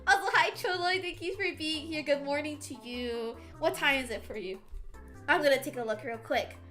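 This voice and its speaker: Bright, giggly young woman streamer, high and bouncy, teasing her chat. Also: normal speed. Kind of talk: casual chat with viewers. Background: soft background music.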